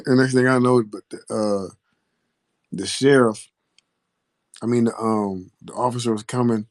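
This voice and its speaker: A man recounting a wild night in a loose, unhurried way, swearing freely and chuckling through it. His voice sits at an average pitch for a man. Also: steady tone. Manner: laid-back, profane, laughing. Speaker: storyteller. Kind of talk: casual storytelling.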